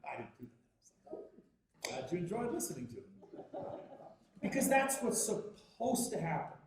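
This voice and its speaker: A Canadian man giving a lively, jokey workshop talk on music and practice, telling stories and acting out voices. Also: moderate pace, noisy background. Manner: animated, jokey, acts out voices with big pitch jumps. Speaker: guest teacher at a music workshop. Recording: very echoey hall, distant mic.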